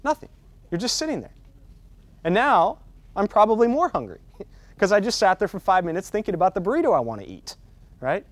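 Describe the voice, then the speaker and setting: A man with a high voice and big pitch swings speaks briskly but pauses often, with no echo in the recording. Leading a meditation teacher-training workshop, he chats casually, keeps asking "right?", and intensifies on key points.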